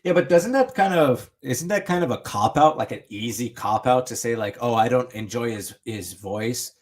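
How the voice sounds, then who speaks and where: Casting note: male podcast co-host, mid-pitched, thinks aloud, questions his partner in casual chat. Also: animated, normal speed. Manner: questioning, reasoning aloud with "right?" and "you know what I mean?".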